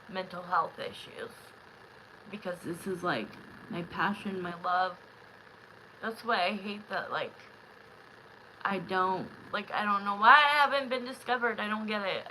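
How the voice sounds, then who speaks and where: A woman's voice: mid-range voice, sharp tone, slight background noise, rough recording. A young woman doing tarot readings on a live stream, talking in a chatty, emotional way and often repeating herself. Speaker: tarot reader.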